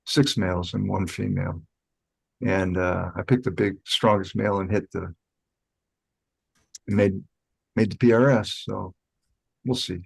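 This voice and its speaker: Low raspy guy, laid-back rambling chat, dry sound. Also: unhurried, pauses often, no room sound, poor audio. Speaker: home cannabis grower guest. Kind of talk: casual group chat.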